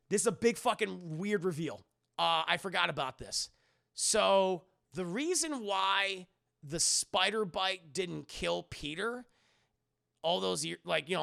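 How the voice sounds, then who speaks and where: A man's voice: high voice, creaky, sharp tone. A man giving a casual, profane, joking spoiler review of a film on a live stream. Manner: profane, joking, recaps scenes loosely.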